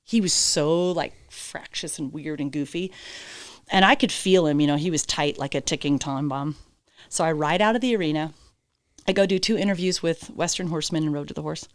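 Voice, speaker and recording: A woman's voice: sits low, brisk, no room sound, clean studio sound. A woman guest on a podcast, a horse trainer telling her story candidly, with emphatic, blunt phrasing and casual swearing. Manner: acts out quoted dialogue.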